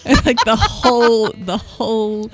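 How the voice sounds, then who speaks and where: A woman's voice: a little high, a little slow, over loud music. A woman in casual chat, joking and candid and laughing often.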